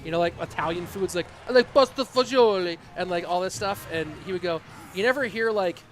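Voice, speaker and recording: A man casting an esports tournament on a live stream, rambling casually while reading chat and breaking into excited play-by-play. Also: sits high, fast. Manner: rambling, self-deprecating, reads chat aloud; bursts into loud excited play-by-play. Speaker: esports caster.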